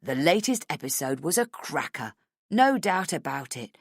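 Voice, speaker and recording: A woman's voice: low voice, sing-song, normal speed, vocal fry, no echo. A woman narrating a thriller audiobook in the first person, expressively, on a close mic.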